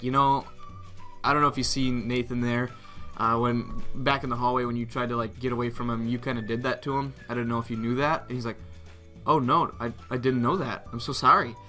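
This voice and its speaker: Young guy vlogging a story, bright voice, laughs a lot, faint music behind. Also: medium pitch. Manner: animated, laughs often, reenacts others' lines. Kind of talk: casual storytelling.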